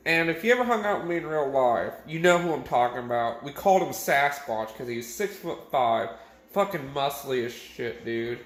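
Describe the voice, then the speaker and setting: A man's voice: mid-range voice, lively intonation, moderate pace. A drunk young man rambling crudely to camera, swearing and laughing at his own jokes. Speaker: vlogger. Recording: echoey room.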